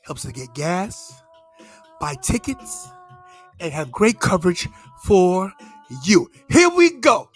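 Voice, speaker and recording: A man hosting a live wrestling podcast, loud and playful, bursting into shouts and goofy sing-song bits. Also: high-pitched, lively intonation, slow, long pauses, soft background music. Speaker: podcast host. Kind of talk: live watch-along chat.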